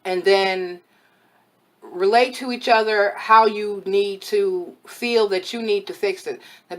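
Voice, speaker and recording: A spiritual advisor delivers a casual tarot reading to camera, speaking slowly in a steady, mid-range voice that's somewhat worn from overuse. She's open and talkative, and her advice comes across blunt yet motherly.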